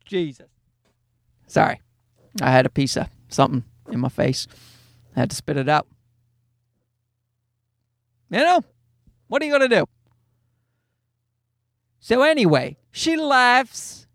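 A man's voice: sits high, sing-song, measured pace, gravelly, long pauses, a bit bright, dry recording, clean studio sound. A male podcast host and stand-up comedian telling a rambling, profane, self-deprecating comic story.

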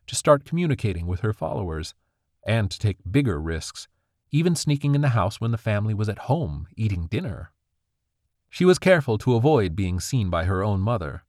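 A male storyteller reads a children's fantasy tale with animated expression. His voice sits low but swings widely in pitch, and the recording is dry and close with no room sound. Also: dry recording. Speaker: narrator. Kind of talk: storybook narration.

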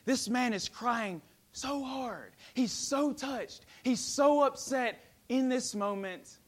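A man preaching a sermon dramatically, swinging from ringing emphasis to a hushed near-whisper. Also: very high voice, slow, hardly any pauses.

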